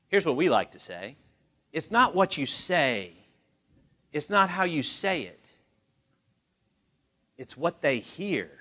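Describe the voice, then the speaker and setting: A man in his forties leading a live communication training seminar, acting out quoted voices as he talks. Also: on the high side. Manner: animated, acts out quoted voices. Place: large training room.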